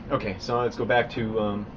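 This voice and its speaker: A man, a painter, rambling on a live stream and reading his artist statement aloud, swinging from muttering to loud theatrical outbursts. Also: on the low side, level tone, unhurried, background noise.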